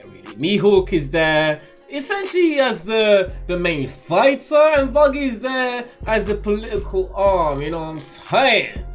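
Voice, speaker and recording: A man with a high, expressive voice that leaps around as he reacts to a manga chapter. His delivery is loose and jokey, full of slang and quick laughs. Soft music plays underneath. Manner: animated, laughing, slangy and playful. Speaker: YouTube manga reviewer. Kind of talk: casual reaction commentary.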